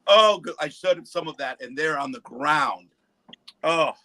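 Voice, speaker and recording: A man's voice: a little high, measured pace, no room sound, poor audio. A man telling stories in casual chat on a livestream, acting out what people said, swearing freely. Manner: animated storyteller, acts out quotes, profane. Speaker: livestream panelist. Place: home in the East Coast.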